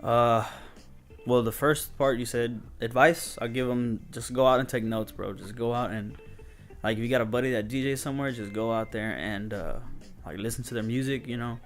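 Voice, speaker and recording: A man guesting on an interview, telling DJ stories in relaxed, slangy casual chat with frequent laughs. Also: mid-range voice, moderate pace, soft background music. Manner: laid-back storytelling, says "dude" and "bro" a lot, laughs often.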